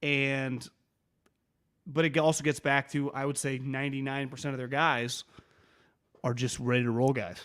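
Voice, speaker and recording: A man co-hosting a sports podcast, talking fast and animated with many restarts and quoted asides. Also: mid-range voice, clear, resonant tone. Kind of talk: casual sports talk.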